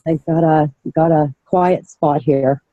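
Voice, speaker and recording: A man telling a personal story on an online call, speaking haltingly with frequent pauses. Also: fairly high pitch, steady tone, dry recording. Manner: halting, with many fillers and restarts. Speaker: caller sharing a story. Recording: dull dry call audio.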